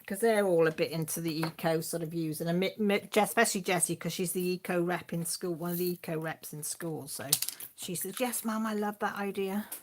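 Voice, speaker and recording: Chatty woman with a lowish voice. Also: fairly even intonation, a little fast, slight background noise. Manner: rambling, chatty storytelling with frequent fillers; laughs and does playful voices for family members. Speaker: channel host. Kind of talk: live-stream casual chat.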